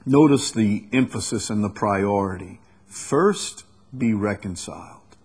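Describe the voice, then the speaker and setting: A man preaching an expository sermon, reading scripture slowly and deliberately, then booming for emphasis and dropping low. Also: a little mellow, husky. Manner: reads verses slowly and deliberately. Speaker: pastor.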